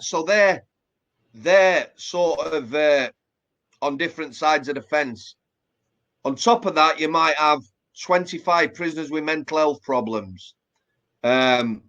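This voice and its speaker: A man with a fairly high, slightly bright voice speaks with a Yorkshire accent; he's from Yorkshire, England, and used to be a prison officer. In a casual interview he chats plainly, full of fillers and restarts. The audio sounds dull.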